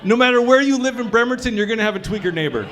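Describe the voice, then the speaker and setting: A man's voice: extremely high pitch, lively intonation, very fast, a bit bright. A man performing a crude, conversational stand-up set at a brewery comedy showcase, often quizzing the crowd.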